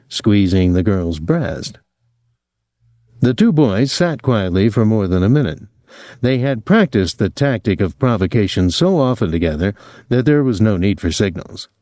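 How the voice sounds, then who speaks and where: A man reading an audiobook in expressive scripted narration. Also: lowish voice, no echo, studio quality. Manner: expressive storytelling.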